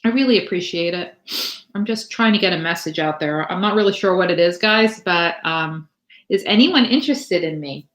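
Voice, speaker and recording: A woman's voice: lowish voice, animated, moderate pace, a bit bright, reverberant. A woman giving a live tarot reading to viewers, chatty and rambling, full of fillers and restarts. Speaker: tarot reader.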